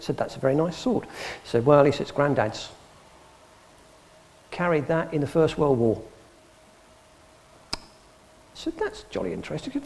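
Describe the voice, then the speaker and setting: In a high voice with a darkish tone, a middle-aged English antiques expert speaks as a guest to a live audience in a public hall, acting out the dialogue in his dry, humorous anecdotes.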